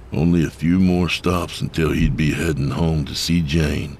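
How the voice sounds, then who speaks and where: Very deep, gravelly male narrator. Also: slight background noise. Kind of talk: scripted horror story narration.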